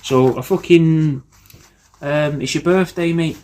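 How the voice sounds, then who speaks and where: A man's voice: a little high, slow pace, darkish tone. A man hosting a podcast, delivering a rambling, sweary comedic roast and calling the listener "mate" constantly. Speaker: podcast host recording paid video messages.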